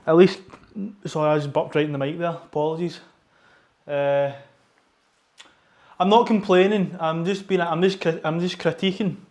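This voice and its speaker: A young Scottish powerlifting vlogger chats casually about his gym training, rambling and correcting himself, with a wireless lapel mic tucked under his t-shirt. His voice is a little high and a little mellow, with a steady tone, a moderate pace and long pauses.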